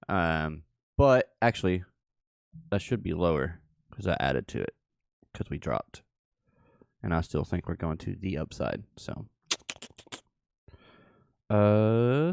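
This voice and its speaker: Unhurried, smooth-voiced male streamer, playful and jokey, dry close sound. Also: sits low, no echo. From Southern United States. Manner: playful, joking, laughs often. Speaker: livestream host. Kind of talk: casual livestream chat.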